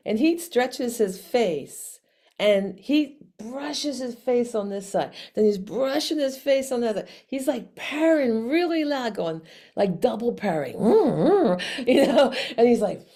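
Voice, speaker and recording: A woman telling a personal story to camera in a casual, animated way, with frequent restarts and laughs. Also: fairly high pitch. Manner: animated, chatty, many restarts, laughs often. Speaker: vlog host.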